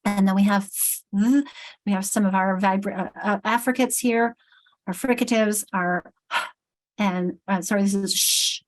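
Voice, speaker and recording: A woman's voice: medium pitch, fairly even intonation, measured pace. A woman trainer leading an online teacher workshop, explaining and sounding out vowel sounds over a video call. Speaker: literacy trainer.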